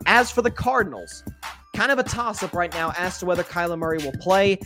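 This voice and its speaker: Over music, a man with a high voice hosts his own sports talk podcast. He offers blunt, opinionated commentary aimed straight at listeners, whom he calls folks, and keeps it conversational while correcting himself quickly.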